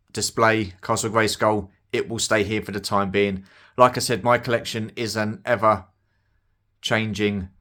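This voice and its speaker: A man's voice: lowish voice, fairly bright tone. A middle-aged British man chatting casually about his toy collection, rambling and self-deprecating with plenty of fillers. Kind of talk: casual unboxing commentary.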